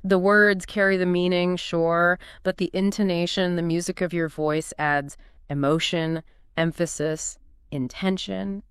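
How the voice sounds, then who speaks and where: A woman's voice: on the low side, steady tone, unhurried, clear, resonant tone, no echo, clean studio sound. A woman co-hosting a scripted conversation about learning English, with an upbeat, teacherly delivery. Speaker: co-host. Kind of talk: scripted two-host explainer on learning English.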